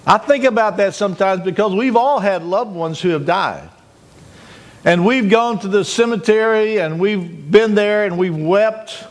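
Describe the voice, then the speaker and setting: High-voiced preacher acting out scenes. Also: male voice. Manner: dramatic, acts out shouted cries. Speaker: pastor. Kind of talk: sermon.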